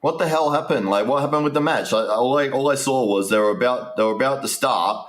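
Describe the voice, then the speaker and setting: A man's voice: mid-range voice, fast talker. A man giving casual, rambling live stream commentary, restarting sentences and talking straight to his viewers.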